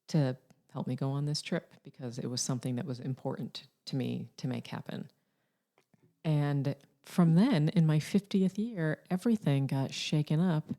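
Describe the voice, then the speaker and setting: A woman's voice: low-pitched, mellow. A woman in her sixties co-hosting a podcast, chatty and teasing, and reading out listener questions. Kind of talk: casual podcast chat.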